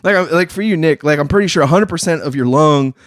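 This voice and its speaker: A man hosting a casual talk show, talking in slang and acting out other people in quick voices. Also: a little high, no echo, studio quality. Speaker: podcast host. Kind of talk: casual chat.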